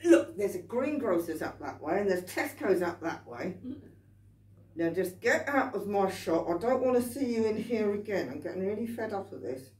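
A woman's voice: mid-range voice, animated, moderate pace, close to an everyday voice. A woman acting out an irritable male butcher who scolds and orders someone out of his shop, heard live in an echoey room from a distance. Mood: exasperated. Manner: exasperated, scolding, ramps up to shouts. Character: irritable male shopkeeper, gruff and fed up.

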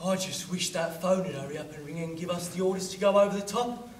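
A man's voice: high voice, quick pace, slight background noise, lightly acted. A young man playing a dim-witted, cheerful army private in a solo school drama performance, talking in a simple, eager way. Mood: cheery. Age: young adult. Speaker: drama student. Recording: echoey room, far camera.

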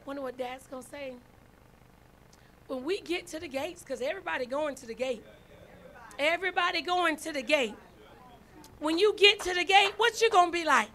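A woman preaching a sermon to her congregation as the church's first lady. She swings from hushed pleading to shouted exhortation and calls out to the people. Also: very high voice, expressive, a little fast.

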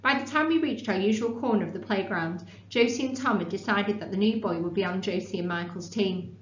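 A woman teacher explaining punctuation and reading a novel aloud in a clear, measured way, recorded in a classroom. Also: medium pitch. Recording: echoey room, dull sound, faint hum.

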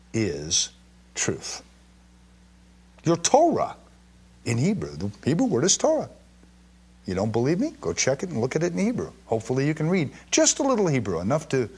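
Animated husky-voiced man teaching scripture. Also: medium pitch. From Jerusalem. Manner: animated, emphatic verse reading with frequent stammered restarts. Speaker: Bible teacher. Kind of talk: televised Bible teaching.

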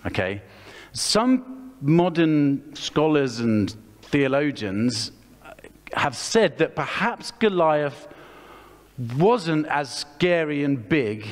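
Animated English preacher in a reverberant hall. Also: male voice, medium pitch, slow pace, pauses often. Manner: animated, acts out the characters' voices. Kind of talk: lively storytelling sermon with a child helper acting. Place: church hall.

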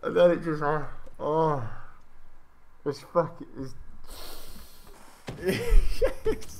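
Young man, live gameplay commentary, excitable, swearing, self-mocking, slightly high voice. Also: slow, vocal fry. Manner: excitable, swears often, mocks his own play. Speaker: gaming channel host.

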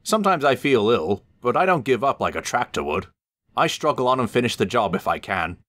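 A man voicing a gentle, hardworking old male traction engine in a storybook reading, talking softly and modestly. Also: medium pitch, very animated, a little fast, voice pushed up. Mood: wistful.

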